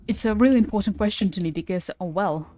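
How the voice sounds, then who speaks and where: A woman's voice: medium pitch, warm tone. A woman chatting casually with her viewers while playing a game, laughing often. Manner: chatty, giggly, talks to chat. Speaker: streamer. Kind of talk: casual gameplay livestream.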